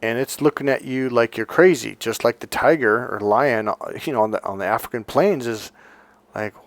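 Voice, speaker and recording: A man's voice: medium pitch, animated, brisk, soft background music. A man coaching in a casual motivational monologue, rambling with many restarts and repeated words. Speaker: life coach.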